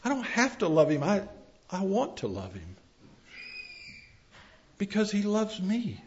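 Male preacher, middle-aged, slow and deliberate delivery, loud emphatic peaks and quiet lows. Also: wildly swooping pitch, slight background noise. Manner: swings from loud emphatic cries to soft quiet words. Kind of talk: sermon. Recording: dull lo-fi sermon recording.

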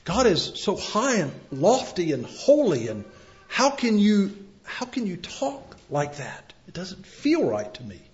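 A middle-aged male preacher giving a sermon, swinging from loud emphatic cries to soft, quiet words. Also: high-pitched, wildly swooping pitch, a little slow, faint music behind. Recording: dull lo-fi sermon recording.

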